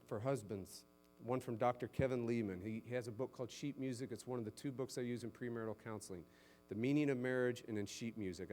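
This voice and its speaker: A male pastor preaching a sermon who climbs to loud, emphatic exhortation and then drops low and soft.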